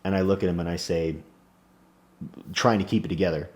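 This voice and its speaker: Brief: very low-voiced man in his thirties, earnest and reflective vlogger speaking to camera. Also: fairly even intonation, brisk, long pauses. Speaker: small business owner. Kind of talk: personal vlog monologue.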